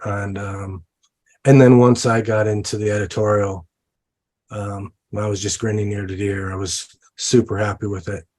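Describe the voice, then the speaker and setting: A man's voice: on the low side, darkish tone. A man, a film director, talking about his film in an interview, with many fillers and restarts. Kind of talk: interview conversation. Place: lives in New Orleans.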